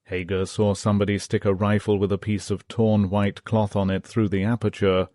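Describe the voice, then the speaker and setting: A man narrating a history audiobook in a steady, measured reading. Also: on the low side, no room sound, clean studio sound.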